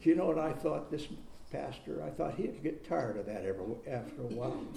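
A pastor preaching a sermon, repeating phrases for emphasis and reading scripture aloud with rising force. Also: male voice, fairly high pitch, lively intonation, brisk, creaky, dark tone, slight background noise. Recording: roomy echo.

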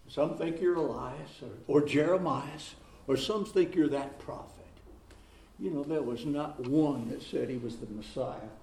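A pastor preaching a sermon, repeating phrases for emphasis and reading scripture aloud with rising force. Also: male voice, on the high side, unhurried, creaky, darkish tone. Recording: roomy echo.

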